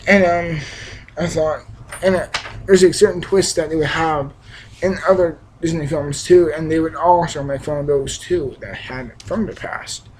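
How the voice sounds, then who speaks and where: A man's voice: on the high side, steady tone, normal speed, a little hiss or hum, poor audio. A young man giving a casual, rambling film review, with frequent restarts, fillers and emphatic bursts. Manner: enthusiastic, emphatic. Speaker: movie reviewer.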